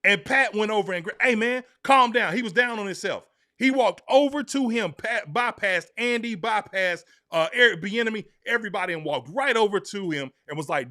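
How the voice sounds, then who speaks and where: A man co-hosting a sports podcast, talking emphatically and excitably to his co-host. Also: high voice, a little fast. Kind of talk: animated sports talk.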